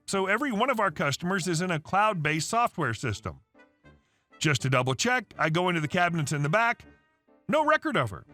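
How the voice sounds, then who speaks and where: A man reading an online story aloud, narrating with animated delivery and changing voices for the characters. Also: high-pitched.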